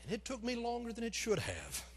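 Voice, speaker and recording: A middle-aged man preaching in a church, telling a personal story in an animated, self-deprecating way that acts out the scenes. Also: very high-pitched, fairly quick, husky, soft background music. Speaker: pastor. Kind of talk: storytelling sermon. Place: church sanctuary. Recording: long reverb of a church sanctuary.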